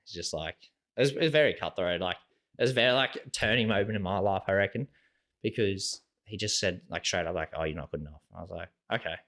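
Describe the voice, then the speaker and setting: A man's voice: low voice, brisk, fairly bright tone. A young man in his twenties with an Australian accent, a podcast guest telling his story in a loose, casual way and filling his talk with "like" and "sort of". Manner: rambling, heavy use of "like" and "sort of" fillers.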